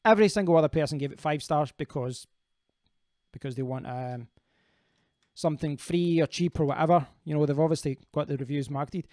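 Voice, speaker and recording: A man's voice: a little high, a little fast, warm tone, dry recording, clean studio sound. A man hosting a casual live stream, rambling as he answers viewers' comments and often restarting his sentences.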